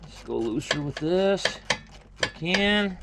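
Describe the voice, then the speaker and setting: A man's voice: sits high, expressive, slow, gravelly, heavy background noise. A man working as a mechanic who talks casually and thinks aloud while he works on an engine in a truck repair shop. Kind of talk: casual work vlog, talking while repairing.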